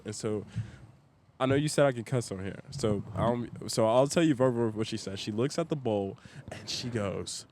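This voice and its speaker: A young man tells a story as a podcast guest, in a loose and chatty way. He gets animated and acts out each quoted line as he goes. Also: mid-range voice, slight background noise. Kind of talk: casual storytelling.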